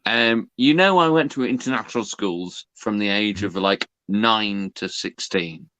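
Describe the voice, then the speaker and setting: A man from the North of England, a podcast guest, speaking in a measured, defensive way in casual chat. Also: fairly low pitch, fairly bright tone, highs cut off.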